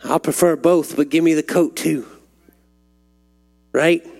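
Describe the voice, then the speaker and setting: A man's voice: fairly even intonation, slow, vocal fry, a little mellow. A man preaching a sermon, telling stories and building to fervent, climbing peaks. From Texas. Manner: rising to fervent, climbing pitch when stirred.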